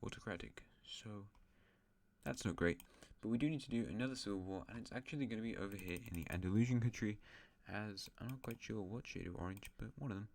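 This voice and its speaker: A man hosts an alternate-history map series, giving casual map-game commentary in a rambling, chatty way with self-mocking asides. His lowish voice is fast and somewhat dark in tone.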